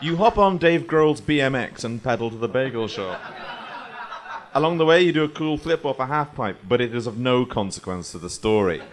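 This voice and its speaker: A man narrates an improvised live comedy game in a rambling, playful way. His pitch swings freely, lively and animated. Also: a little fast.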